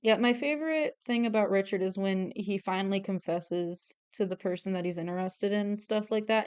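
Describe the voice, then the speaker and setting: Chatty young woman with a smooth voice. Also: mid-range voice, brisk, hardly any pauses. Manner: chatty, excitable, swears freely. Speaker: artist streamer. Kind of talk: casual chat while drawing.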